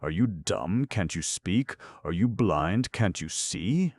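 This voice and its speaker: A man voicing a fussy, excitable male gnome king who bursts into shrill, indignant shouts. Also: takes it slowly, no room sound, studio quality, full character voice. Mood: exasperated.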